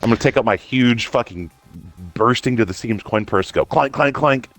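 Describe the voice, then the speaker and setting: A man's voice: medium pitch, normal speed, a bit bright, soft background music. A man playing a tabletop role-playing game, joking and slipping into goofy character asides. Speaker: player. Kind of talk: casual tabletop role-play.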